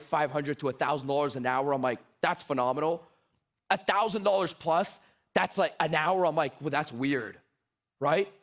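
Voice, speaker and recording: A high-pitched man speaking to an audience about sales, animated and emphatic. He tells stories and acts out the dialogue, hammering his main points home by saying them again. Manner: emphatic, repeats key phrases. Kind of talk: motivational talk with storytelling.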